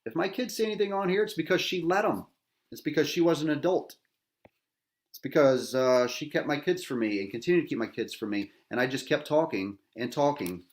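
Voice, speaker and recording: A man's voice: a little high, animated, fairly quick. A middle-aged man, a veteran host, angry and agitated, delivering a bitter, profane rant full of repetition and rhetorical "right?" tags.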